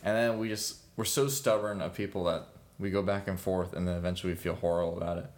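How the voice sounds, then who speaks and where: A man's voice: deep voice, steady tone, fast, darkish tone. A young man chatting casually as a podcast co-host, rambling with lots of fillers and frequent laughs. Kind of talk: casual chat.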